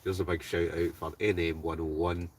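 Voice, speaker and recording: A man's voice: sits low, level tone, normal speed, far from the mic, a little hiss or hum. A Scottish man livestreaming from a tent outdoors, chatting casually and greeting viewers by name as he reads their comments. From Scotland. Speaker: wild camping livestreamer. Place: hot tent outdoors behind his house.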